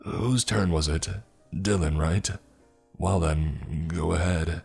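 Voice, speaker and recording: A man voicing an ageless, sinister stranger in a suit who speaks in a calm, slow monotone. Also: low voice, vocal fry, breathy edge, soft background music, full character voice. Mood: calm, menacing.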